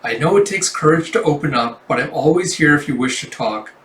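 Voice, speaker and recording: A man voicing a prim, formal older male schoolmaster, speaking in a stiff, measured, proper way while reading a comic aloud. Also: fairly high pitch, lively intonation, fairly bright tone. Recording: roomy, distant mic.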